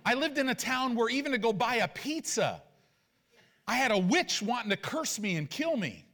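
A man in his forties, a pastor, preaching with animated personal stories and rhetorical questions. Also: very high voice, moderate pace.

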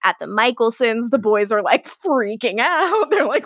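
A woman's voice: a little high, normal speed, no echo, clean studio sound. A woman co-hosting a podcast, recapping a TV episode in casual chat, laughing and swearing often. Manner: giggly, profane, animated retelling. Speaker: podcast co-host.

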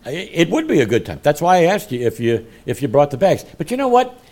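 Animated preacher, lively pitch. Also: male voice, quick pace. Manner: animated storytelling preacher who laughs at his own jokes. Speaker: pastor. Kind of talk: sermon.

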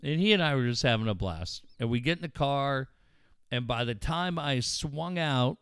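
A man's voice: mid-range voice, expressive, normal speed, fairly bright tone, clear, resonant tone, no room sound, studio quality. Blunt, profane middle-aged man telling stories. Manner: profane, blunt, heated storytelling. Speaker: podcast host. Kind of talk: casual storytelling chat.

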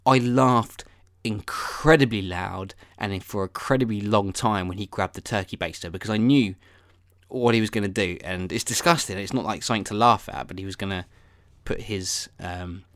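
A man's voice: on the low side, normal speed, a bit bright, no room sound, clean studio sound. A man hosting a solo podcast, rambling off-topic in a self-deprecating way with casual swearing. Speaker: podcast host.

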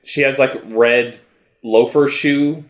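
Male co-host, relaxed rambling talker, average pitch. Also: slow pace. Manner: rambling, laughs often, restarts. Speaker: podcast co-host discussing comics. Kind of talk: casual chat.

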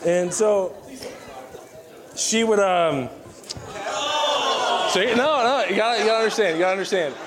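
A young man from Virginia giving an animated, self-mocking sermon full of storytelling. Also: high-pitched, moderate pace, long pauses, a loud crowd, very noisy. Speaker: pastor.

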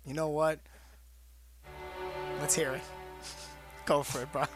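A man's voice: on the high side, little pitch movement, slow pace, music in the background. A man co-hosting a casual chat, joking and teasing and echoing his co-host's lines. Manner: joking, teasing, echoes the other host. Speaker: co-host, pro wrestler.

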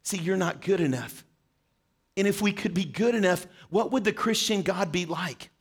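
A man's voice: high-pitched, normal speed, breathy edge. A man preaching a short sermon, earnestly asking questions and speaking directly to his listeners. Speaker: pastor.

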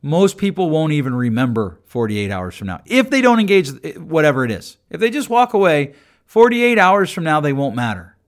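In a loose solo monologue on his own podcast, a man offers advice in a sing-song voice on the high side, at a moderate pace. He keeps repeating and restarting words, and his humor is dry.

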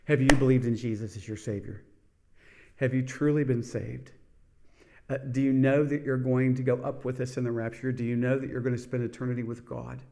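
A middle-aged man delivers a televised sermon with fervent conviction. He presses on key words and breaks into hallelujahs as he hosts the program. His voice sits at an ordinary pitch for a man. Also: flat delivery, a little fast, creaky, darkish tone. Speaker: preacher and program host.

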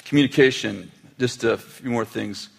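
A man's voice: mid-range voice, normal speed, creaky, slightly rough. Storytelling middle-aged male pastor. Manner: storytelling with acted family quotes and humor. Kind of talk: sermon.

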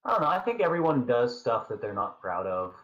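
A man as a podcast guest, talking casually in a halting, thoughtful way with many fillers. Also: medium pitch, sing-song. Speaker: podcast guest, fan fiction writer. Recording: dull lo-fi call audio.

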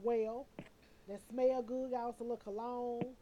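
A woman in casual group chat, opinionated and animated, talking in loose slang. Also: a little high, measured pace, background noise.

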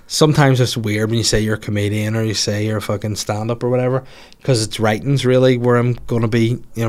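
A man, a comedian chatting casually on his podcast, rambling and swearing through jokey asides. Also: lowish voice. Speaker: comedian podcaster answering listener questions. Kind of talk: casual solo podcast chat.

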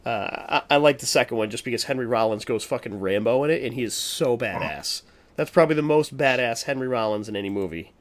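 A man's voice: mid-range voice, expressive, quick pace. A man co-hosting a casual podcast chat, talking emphatically with lots of swearing and restarts. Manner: profane, emphatic, rambling with restarts. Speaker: podcast co-host. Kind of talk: casual horror movie chat.

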